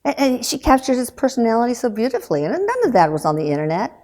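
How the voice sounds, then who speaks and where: A woman in her sixties, a guest telling a painful personal story in an earnest, subdued way, halting with restarts and trailing pauses. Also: a little high, big pitch swings, darkish tone. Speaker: guest recounting loss.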